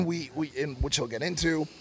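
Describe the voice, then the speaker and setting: A man co-hosting a podcast, telling a story in a casual, animated and profane way, acting out shouted quotes. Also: fairly high pitch, normal speed. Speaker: podcast co-host. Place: podcast studio.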